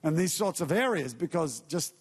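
A man's voice: a little high, animated, moderate pace, husky, big-room sound. A male pastor preaching a conversational sermon, acting out everyday scenes and quotes as he goes.

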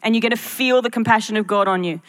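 A woman's voice: a little high, quick pace. A woman pastor preaching a sermon to her church, earnest and full of rhetorical questions to the congregation.

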